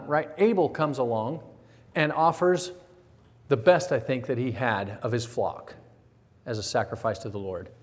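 Preaching man in a reverberant hall. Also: medium pitch. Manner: animated storytelling with acted quotes, rhetorical questions. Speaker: pastor. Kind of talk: sermon. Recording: long reverb of a large hall.

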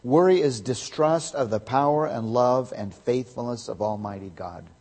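Male pastor preaching, emphatic, somewhat husky voice, long hall reverb. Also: medium pitch, normal speed. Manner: emphatic, swings from loud to quiet. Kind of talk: sermon.

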